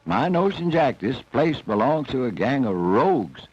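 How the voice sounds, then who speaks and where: A man's voice: mid-range voice, very animated, moderate pace, a little mellow, natural voice. Sensible farm donkey with a folksy drawl, voiced by a male storyteller; dull film sound, faint music. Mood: thoughtful.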